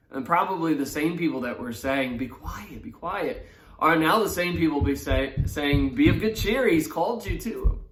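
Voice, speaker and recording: A man leading a morning Bible study who reads scripture aloud and then explains it in a relaxed, conversational way. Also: on the high side. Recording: roomy echo.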